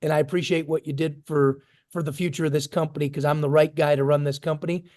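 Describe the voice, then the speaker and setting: A man voicing a calm, amused older business mentor who speaks in a measured, fatherly way, retold inside a talk. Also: fairly high pitch, no room sound, clean studio sound, pitched below the performer's own voice, natural voice.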